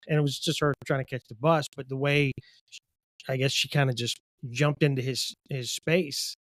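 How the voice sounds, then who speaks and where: A man's voice: medium pitch, steady tone, moderate pace, dry recording, clean studio sound. A male podcast host telling a rambling story in casual conversation, with false starts.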